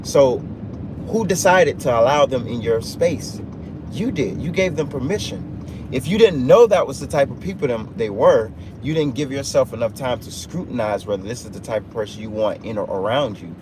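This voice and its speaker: A man's voice: medium pitch, lively intonation, moderate pace. A man giving an off-the-cuff motivational talk on a livestream, driving his points home with emphatic, repetitive phrasing. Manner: emphatic, repetitive preaching cadence. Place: inside a truck. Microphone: phone livestream. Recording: noisy vehicle cabin sound.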